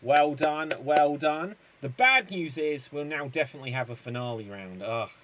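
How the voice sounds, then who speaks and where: A man hosting a live-streamed improv show, upbeat and quick to laugh. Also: on the high side, animated, fairly bright tone, a little hiss or hum. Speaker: improv game host.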